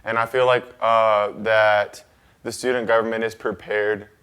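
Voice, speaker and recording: A man's voice: fairly low pitch, level tone, measured pace, a bit bright, clean tone. A teenage boy, a student guest answering interview questions earnestly, with some hesitant fillers. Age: teens. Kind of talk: casual interview.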